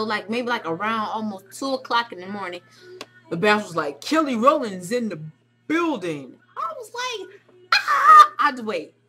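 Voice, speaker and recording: A young woman excitedly telling a vlog story, acting out quotes with squeals and shouts. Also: mid-range voice. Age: young adult. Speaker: vlogger recounting a club night.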